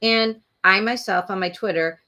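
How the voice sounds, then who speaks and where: A woman's voice: medium pitch, moderate pace, sharp tone. A woman hosting a true crime show, talking casually and indignantly with many fillers. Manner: opinionated, indignant, rambling with fillers.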